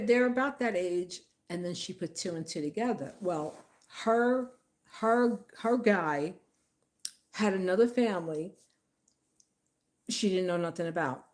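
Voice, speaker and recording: Chatty woman telling family stories. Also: fairly low pitch. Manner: chatty, laughing, acts out quotes in lively voices. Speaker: vlogger. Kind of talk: casual storytelling monologue.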